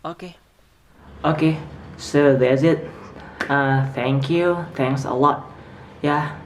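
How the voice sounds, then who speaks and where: Mid-pitched informal presenter, halting delivery, frequent check-in tags. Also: fairly even intonation, slight background noise. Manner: checks understanding with tag questions like "right?"; hesitant, with restarts and fillers. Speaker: presenter explaining phonetics. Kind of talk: informal classroom explanation.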